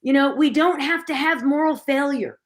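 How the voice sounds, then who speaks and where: Brief: middle-aged woman, fairly high voice, lively faith-talk guest who acts out quotes. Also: moderate pace. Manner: animated storytelling, acting out quoted voices. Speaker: guest speaker. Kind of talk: conversational Christian talk.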